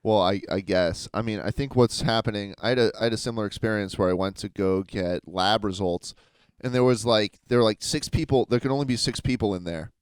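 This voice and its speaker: A man's voice: fairly low pitch, smooth, no room sound. A man co-hosting a casual podcast chat, talking bluntly with swearing and teasing. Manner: blunt, swears, quick to laugh and tease. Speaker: podcast co-host.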